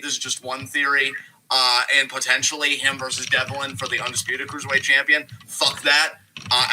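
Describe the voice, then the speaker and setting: Bright-voiced man in casual wrestling chat. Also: mid-range voice, a little hiss or hum, poor audio. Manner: rambling, animated, frequent swearing. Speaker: podcast co-host.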